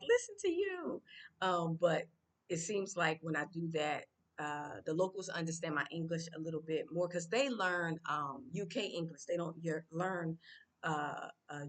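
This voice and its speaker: A woman from the United States talking casually to her vlog viewers, unscripted, with many fillers and restarts. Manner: speaks Swahili phrases louder and higher. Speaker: vlogger.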